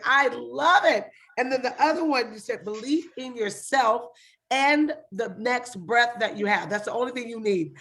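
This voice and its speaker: A woman hosting an interview, excitable and quick to laugh, rallying her viewers. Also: on the high side. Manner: excitable, laughs often, keeps saying "listen". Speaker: host.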